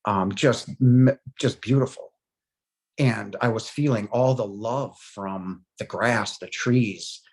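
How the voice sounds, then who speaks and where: Guy in his 40s telling his own story, kinda low voice, halting, lots of you know and um. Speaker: near-death experience survivor. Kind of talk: personal testimony.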